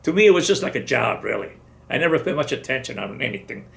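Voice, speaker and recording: An older man in his seventies recalls his service in a loose, wandering storytelling manner, and often acts out what others said. His voice has a gravelly fry, set at a middle pitch for a man. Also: big pitch swings, fast talker. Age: 70s. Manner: rambling storytelling, acts out dialogue. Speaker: veteran interviewee. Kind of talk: oral history interview.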